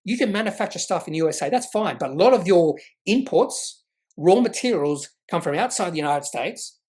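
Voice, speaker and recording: A man giving casual stock market commentary, reading from company updates and adding his own asides. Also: fairly high pitch. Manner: conversational, reads from reports with asides. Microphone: webcam.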